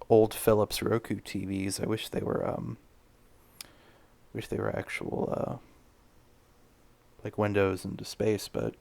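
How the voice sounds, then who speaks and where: A man's voice: on the low side, smooth. A man hosting a podcast, delivering a rambling, stammering comedic monologue full of crude jokes. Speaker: podcast host.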